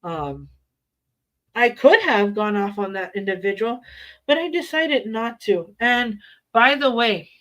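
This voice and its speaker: A middle-aged woman talks straight to her live stream viewers. She is blunt and defiant and swears freely. Her voice sits a little high and sounds bright and forceful. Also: animated, slow. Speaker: livestreamer. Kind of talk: casual live stream chat.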